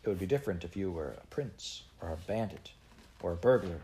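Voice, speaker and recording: A man reading aloud, voicing a bold schoolboy in a brisk, offhand way. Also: low-pitched, animated, mellow, slight background noise. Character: bold schoolboy, breezy and know-it-all.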